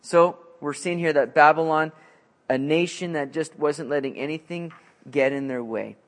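A man preaching an expository sermon in a conversational, animated way, with frequent fillers. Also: a little high, moderate pace. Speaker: pastor.

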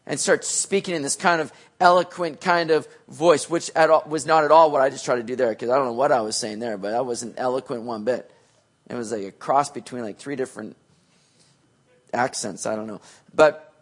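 A male pastor preaching a sermon in a casual, animated, slangy way, swinging between loud and soft. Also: fairly high pitch.

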